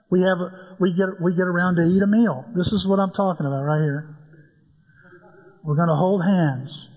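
Husky older preacher in an echoing hall. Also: male voice, sits high, steady tone, moderate pace. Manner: folksy, storytelling with humor. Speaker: pastor. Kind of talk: sermon. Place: church sanctuary. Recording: dull sound with long church-hall reverb.

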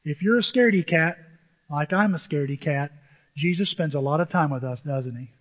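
A male pastor preaching a sermon to his church, animated and emotional, often jumping into excited high exclamations. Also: a little fast. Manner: self-described emotional. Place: church sanctuary with a screen. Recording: dull, long hall reverb.

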